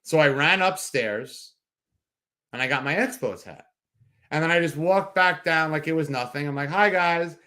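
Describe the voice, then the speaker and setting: A man from New York, co-hosting a sports podcast, rambling and excitable as he tells stories in casual chat. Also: fairly high pitch, moderate pace. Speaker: podcast co-host.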